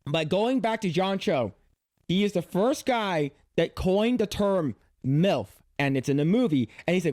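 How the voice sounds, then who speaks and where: A man casually reacting to a video as a streamer, rambling and animated, with many restarts. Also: high-pitched, a little slow, dry recording, studio quality.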